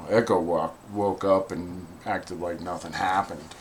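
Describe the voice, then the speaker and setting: A man's voice: low voice, slow pace. Man telling a wry dog story. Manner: wry, animated, acts out quoted voices. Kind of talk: casual storytelling.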